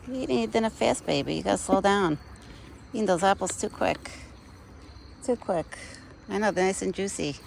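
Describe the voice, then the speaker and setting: Speaking at medium pitch and a moderate pace, with a gravelly voice and long pauses, a thirty-something woman vlogs while feeding a wild deer outdoors at dusk, chatting casually and cooing baby talk. There's slight background noise from crickets and insects on the outdoor phone recording.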